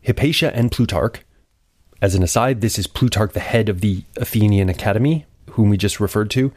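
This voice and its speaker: A man's voice: lowish voice, fast talker, a little mellow, no room sound, studio quality. A man hosting a podcast, delivering a scripted lecture with wry, conversational asides. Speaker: podcast host.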